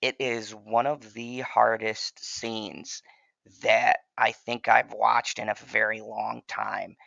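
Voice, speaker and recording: Gravelly, profane man reviewing a show. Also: lowish voice, level tone, takes it slowly, sharp tone, no room sound, lo-fi sound. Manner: profane and emphatic, passionate. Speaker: TV show reviewer and channel host. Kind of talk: casual spoken review.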